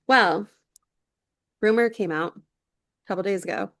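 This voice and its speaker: A woman's voice: medium pitch, steady tone, moderate pace, long pauses, no echo. Woman podcast co-host, 30s, gossipy casual recap, dry close sound. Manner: chatty gossip recap, lots of "like" fillers. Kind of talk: casual chat.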